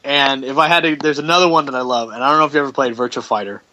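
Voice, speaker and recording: A man's voice: medium pitch, steady tone, rapid-fire, sharp tone, lo-fi sound. Blunt, jokey podcast host, male. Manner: blunt, jokey, steers the conversation. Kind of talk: casual chat.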